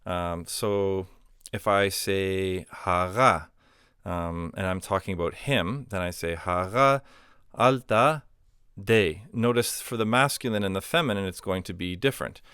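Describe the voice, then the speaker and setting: A man calmly teaching a recorded grammar lesson, explaining step by step with example phrases and a few ums and uhs. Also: sits low, measured pace, clear, resonant tone, no room sound, clean studio sound. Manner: patient explaining with spoken examples, fillers like um and uh. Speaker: language teacher.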